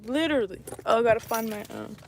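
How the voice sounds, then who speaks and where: A young woman with a fairly high voice vents straight into her phone in a blunt, profane, exasperated rant. Steady background noise hangs under the phone audio as she walks about. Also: fast, vocal fry. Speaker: vlogger. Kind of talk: casual rant to camera. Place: walking around outdoors and indoors with a phone.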